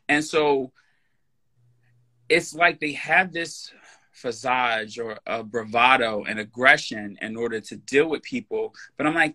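Husky, forceful man talking bluntly. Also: mid-range voice, animated, normal speed. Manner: emphatic, blunt and profane. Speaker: podcast guest; personal trainer. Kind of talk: casual podcast conversation.

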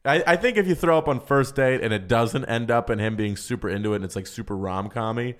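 A man's voice: mid-range voice, quick pace. A man hosting a casual comedy podcast, bantering, swearing freely and reading out listener questions. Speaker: podcast host.

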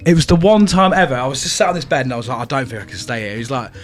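Bloke, casual podcast storyteller, swears a lot, acts out quotes, faint music under him. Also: male voice, medium pitch, very fast. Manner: swears freely, animated retelling with voiced quotes. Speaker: podcast co-host. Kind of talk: casual storytelling among friends.

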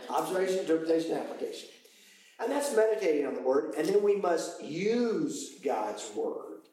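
A British man leading a Bible study group, teaching with lively, animated explanations and sudden exclamations. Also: a little high, normal speed. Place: room with a small study group. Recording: echoey, poor quality recording.

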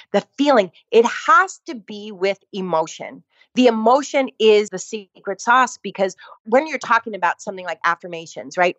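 A woman's voice: medium pitch, dry recording, lo-fi sound. A woman, a fitness instructor, telling her story in a conversation, emphatic and repeating phrases for effect.

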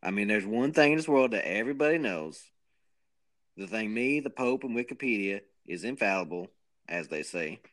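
A man's voice: fairly low pitch, expressive, normal speed, a bit bright. A man co-hosting a podcast, rambling and joking in a self-mocking way. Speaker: podcast co-host. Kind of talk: casual chat.

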